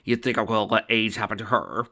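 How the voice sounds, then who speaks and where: A man's voice: lowish voice, fairly even intonation, fast talker, bright, forceful tone. A man voicing a devoted male chaos creature, pleading and emotional.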